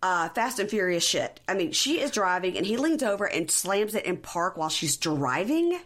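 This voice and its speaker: A woman hosting a podcast, telling a reality TV story in lively casual chat and acting out the quotes. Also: fairly low pitch, moderate pace. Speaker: podcast host.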